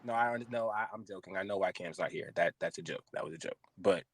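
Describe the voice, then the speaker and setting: With a crowd audible in the background, a low-voiced man talks fast. He's a US West Coast podcast host ranting animatedly about football with lots of profanity, in casual sports podcast chat.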